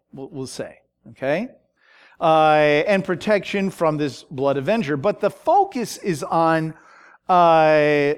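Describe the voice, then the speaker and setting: A man teaching a Bible study, talking in a halting way with many fillers and frequent "okay?" check-ins. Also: high voice.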